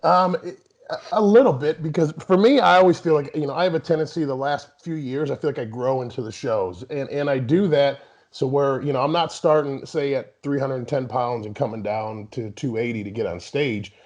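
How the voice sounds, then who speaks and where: His medium-pitched voice is brisk and a little mellow as this thirtysomething bodybuilder, appearing as a guest, chats loosely in an interview. He restarts often and leans on "you know," all captured in dull, lo-fi audio.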